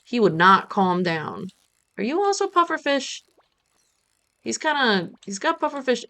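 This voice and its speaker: A woman's voice: fairly high pitch, sing-song, measured pace, pushed and bright. A woman streamer chatting playfully while she plays, talking to the game as she goes. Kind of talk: casual gameplay chat.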